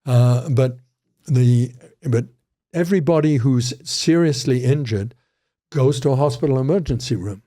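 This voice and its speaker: Older man, mellow warm tone, rambling anecdotal talk, podcast guest. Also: mid-range voice, a little slow. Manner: rambling, anecdotal, frequent restarts. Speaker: guest criminology professor. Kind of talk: casual conversational interview.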